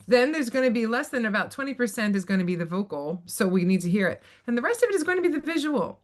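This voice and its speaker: A woman speaking as a panelist on a webinar, emphatic and lively, acting out little quoted exchanges as she explains. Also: mid-range voice, fast. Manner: emphatic, acts out quoted voices. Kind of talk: animated webinar talk. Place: video call.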